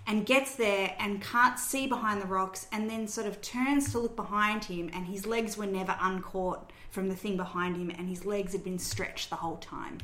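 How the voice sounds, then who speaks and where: A woman's steady, fairly bright mid-range voice moves at normal speed with few pauses as she recaps a film's plot scene by scene for her podcast. Her casual, chatty retelling uses fillers, and the recording sounds roomy and echoey.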